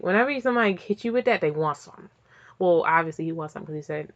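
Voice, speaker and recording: A woman casually reading fanfiction aloud and breaking off into profane, animated comic asides. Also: fairly low pitch, fast. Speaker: fanfiction reader and reactor. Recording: slightly dull lo-fi audio.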